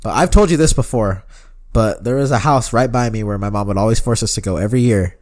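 A man's voice: on the low side, fast talker, darkish tone. A young man co-hosting a podcast in casual chat, swearing often and saying "like" and "bro" a lot. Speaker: podcast co-host.

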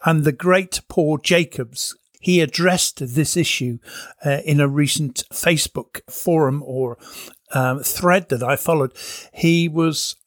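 A man's voice: a little high, takes it slowly, dry recording, studio quality. A man, a medium himself, hosting a conversational interview in an earnest, reflective way. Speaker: host, spirit medium.

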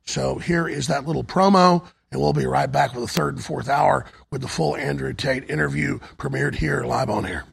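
A hoarse man hosting a talk show, urgently pitching products and asking for donations on air. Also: moderate pace, few pauses. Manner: urgent, repetitive sales pitch. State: hoarse, voice nearly gone.

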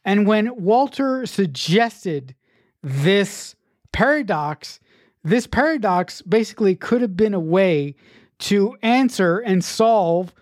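Role: podcast co-host, writer. Style: casual chat. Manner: reflective, halting, restarts often. Pitch: middle. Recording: dry, close. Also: a little mellow, no room sound.

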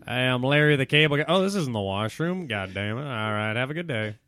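A man voicing a brash, gruff redneck comedian. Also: mid-range voice, animated, fairly bright tone, slight background noise. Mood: annoyed. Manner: brash, rapid. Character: loud redneck male comic, gruff.

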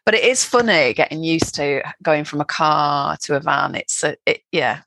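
Lively chatty English woman. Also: low voice, moderate pace, gravelly, a little hiss or hum. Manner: chatty storyteller, animated, laughs often. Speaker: podcast co-host. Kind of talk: casual chat.

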